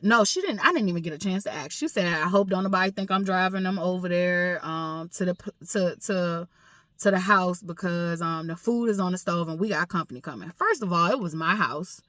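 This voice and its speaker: A woman's voice: lowish voice, a bit bright, no echo. Raw, swearing woman telling a painful story. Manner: raw, profane, repeats herself for emphasis. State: emotional, grieving. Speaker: vlogger. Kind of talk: personal storytime vlog.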